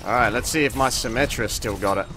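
A man's voice: mid-range voice, over music. A young man hosting a gaming video, chatting casually and reacting playfully while he plays. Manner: playful, quick reactions, jokey. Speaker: gaming channel host. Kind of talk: casual gameplay commentary.

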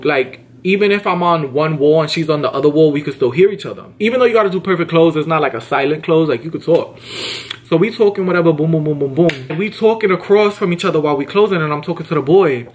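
A young man telling a casual storytime to camera, slangy and emphatic, often jumping his pitch up high to act out what people said. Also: slight background noise. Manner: animated, slangy and emphatic, acts out quotes with big pitch jumps. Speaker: vlogger.

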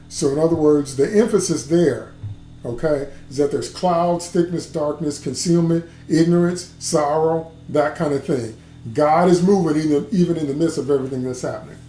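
A man's voice: on the high side, dark tone. Emphatic male preacher in an echoey room. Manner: emphatic, repeats key words, asks "okay?" often. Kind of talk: livestreamed sermon teaching. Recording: echoey room, faint background hum.

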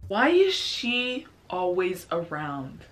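A woman's voice: on the low side, very animated, slow pace. A woman hosting a reaction video, commenting in a casual, exasperated way and firing off incredulous questions.

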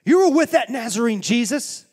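A man's voice: very high voice, lively intonation, moderate pace, a little mellow, voice pushed up. A man putting on an accusing servant girl. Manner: accusing, insistent. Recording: long reverb of a church hall.

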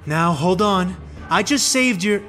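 A man's voice: high voice, expressive, measured pace, bright, forceful tone, soft background music, voice pushed up, full character voice. A man voicing a determined, wry young alien woman warrior in a fan fiction audiobook, panting and straining under effort. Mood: defensive.

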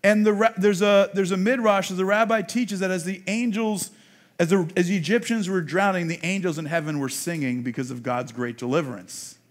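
A rabbi giving a sermon, preaching emphatically with rhetorical questions, swinging from quiet to loud. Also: male voice, high voice, a little fast. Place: congregation meeting room.

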